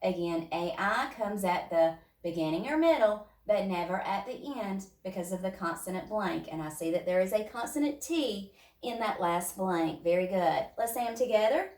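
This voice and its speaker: A woman's voice: medium pitch, animated, moderate pace, a little mellow, recorded from a distance. A woman teacher leading young children through a phonics lesson, sounding out words step by step. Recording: echoey room, voice off-mic.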